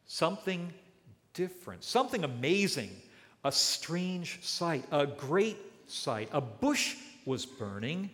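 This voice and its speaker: A man preaching an expository sermon, building his points with dramatic pauses and emphasis. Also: a little high, big pitch swings, a bit bright. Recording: long hall reverb.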